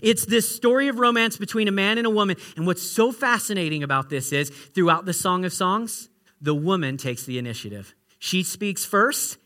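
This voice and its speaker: High, bright-voiced man preaching with humor. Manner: animated, joking asides, big swings from loud to hushed. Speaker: pastor. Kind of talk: sermon.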